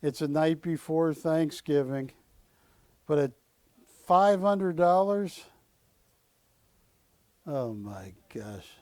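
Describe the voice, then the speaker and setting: Slow-talking, higher-voiced TV auction man. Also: animated, darkish tone, no room sound. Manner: jokey, pleading with viewers, rising calls of going once, going twice. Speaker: auction host on a shopping channel. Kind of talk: live on-air auction calling. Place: TV studio.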